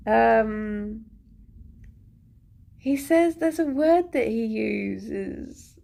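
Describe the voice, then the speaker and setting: A woman's voice: on the high side, lively intonation, drawn-out words, gravelly, long pauses, mellow. A woman streamer chatting casually, rambling and giggling often as she talks.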